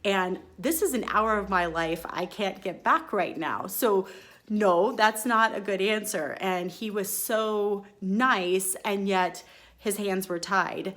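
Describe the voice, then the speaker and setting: Female host, relaxed storytelling monologue, lively and expressive delivery. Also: medium pitch, takes it slowly. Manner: chatty and expressive, acts out her own quoted lines. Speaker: podcast host.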